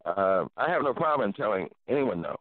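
A middle-aged man hosting a talk show, telling a story in an animated, preacherly way and exclaiming often. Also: on the low side, a little fast, slight background noise. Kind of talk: casual storytelling. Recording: dry tinny phone-like sound.

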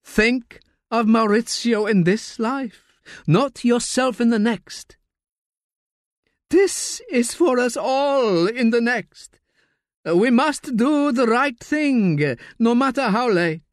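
A man's voice: very high voice, expressive, slow pace, no echo, clean studio sound, voice pushed up, full character voice. A man voicing a frail, dying old man whose voice is brittle, thin and cracking, in an audiobook reading. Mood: pleading. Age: older.

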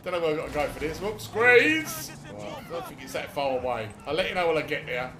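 Playing a video game, a middle-aged British man keeps up a casual running commentary full of swearing and laughter. His voice is a little high with lively intonation and a quick pace, and the echoey room carries background noise.

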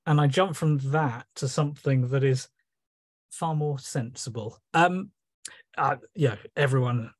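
A man's voice: mid-range voice, unhurried, no room sound. A man reading his own poems at an online meeting from a room at home, with casual, hesitant asides full of ums between pieces. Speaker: guest poet reading his work. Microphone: video call.

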